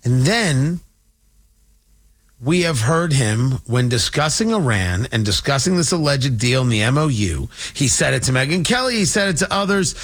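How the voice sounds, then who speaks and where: A man's voice: mid-range voice, sing-song, moderate pace, fairly bright tone. Guy doing a political rant, sarcastic, voice jumps all over the place. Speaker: political commentator. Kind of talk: opinionated political monologue.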